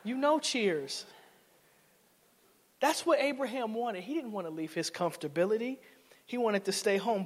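Preacher, male, high voice, playful then loud, reverberant sanctuary. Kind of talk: sermon. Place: church sanctuary.

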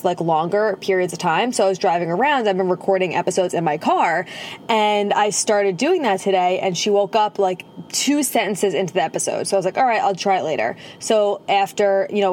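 A woman's voice: medium pitch, darkish tone, a little hiss or hum. A woman hosting a casual podcast from her car, talking in a bubbly, chatty way into a propped-up phone. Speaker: podcast host and holistic nutritionist. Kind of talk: casual chat. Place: inside a parked car at night.

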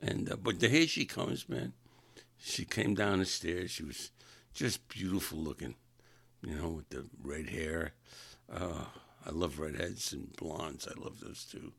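A man's voice: a bass voice, animated, a little slow, gravelly, fairly bright tone, breathy edge, no room sound. A man casually telling rambling personal anecdotes, often correcting himself mid-sentence. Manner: rambling, self-correcting, chuckling. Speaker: storyteller.

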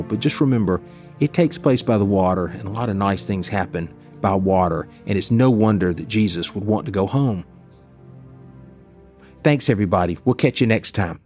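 A man's voice: lowish voice, darkish tone. A middle-aged male pastor giving a conversational Bible reflection, reading scripture and then telling stories. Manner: storytelling, reads scripture then chats.

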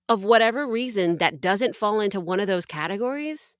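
A woman's voice: mid-range voice, expressive, fairly quick, hardly any pauses, dry recording, clean studio sound. A woman co-hosting a faith podcast, talking in an earnest, preachy, rallying way. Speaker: podcast co-host.

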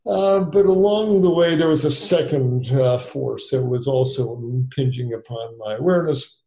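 A man in his sixties, a doctor, tells long stories in an interview and keeps restarting his sentences. His voice is warm and mellow. The sound is roomy and echoey. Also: medium pitch, normal speed. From United States. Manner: rambling with many restarts and fillers. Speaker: physician guest. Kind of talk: conversational interview storytelling. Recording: echoey room.

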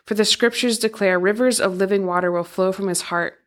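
A woman reading aloud the lines of Jesus, a calm, authoritative male teacher, in an even, measured scripture-reading voice. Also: mid-range voice, close to an everyday voice. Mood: solemn.

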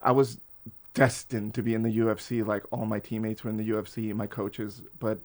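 A man in his forties, guesting on a podcast, speaks briskly in a voice on the low side. Telling stories in a relaxed way, he swears frequently, keeps the energy up, and voices the people involved.

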